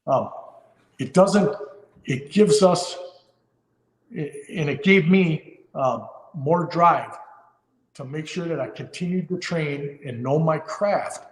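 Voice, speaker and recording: A man in his fifties tells a story in an earnest, heartfelt way, with plenty of fillers and restarts. His voice sits a little high for a man. The recording is roomy, with a long reverb tail. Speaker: firefighter guest. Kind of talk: podcast interview storytelling.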